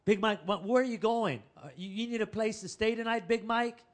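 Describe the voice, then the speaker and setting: A man voicing a kind, well-off mother who coaxes a boy with gentle questions and then gives him firm orders. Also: sits high, fairly quick, close to an everyday voice. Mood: coaxing.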